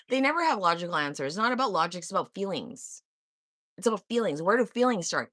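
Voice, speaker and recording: A woman hosts a live stream and argues straight at her viewers, confrontational and sarcastic, with swearing. Her pitch leaps up and down as she talks. The sound is dry and close, with no room echo. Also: sing-song, normal speed, pauses often, a bit bright. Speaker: livestream host. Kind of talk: heated live-chat monologue.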